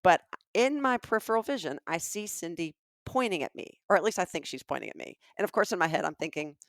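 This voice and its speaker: Middle-aged Southern woman, comic podcast storyteller, slightly low voice. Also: fast talker, no echo, studio quality. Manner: animated, acts out the dialogue of people in her stories. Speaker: podcast co-host. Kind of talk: comedic storytelling.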